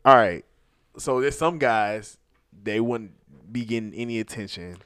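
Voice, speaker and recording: A man's voice: lowish voice, unhurried, a bit bright, smooth, no echo, clean studio sound. A young man in casual chat who plays devil's advocate with playful, provoking questions.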